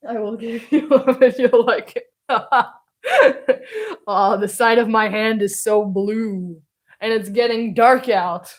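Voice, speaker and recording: A woman's voice: fairly high pitch, animated, takes it slowly. A woman live-streaming while drawing, chatting casually in a self-deprecating way and laughing often.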